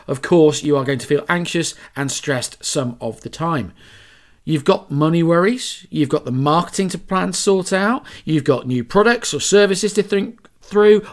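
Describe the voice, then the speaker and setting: A man hosting a solo podcast, talking in a chatty, emphatic way with asides and self-corrections. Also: a little high. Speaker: podcast host. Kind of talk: solo podcast talk on branding.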